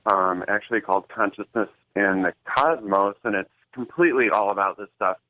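A lowish-voiced man calls into a radio show for the first time, pausing and searching for his words as he asks his question. His voice comes through a tinny, narrow phone line. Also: pushed and bright, dry recording.

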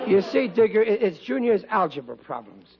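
An actor playing a stubborn, excitable working-class father in an old radio comedy, blustering and flustered. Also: sits high, fairly quick, a loud crowd, very noisy. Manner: blustering, flustered, stammers when cornered. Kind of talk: 1940s radio acting. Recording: dull lo-fi old radio broadcast.

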